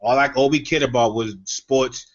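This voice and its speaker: A man's voice: mid-range voice, fairly even intonation, normal speed, dull audio. A man co-hosting a podcast, talking about sports in a blunt, reflective way with bursts of joking. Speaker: podcast co-host. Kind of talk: casual sports chat.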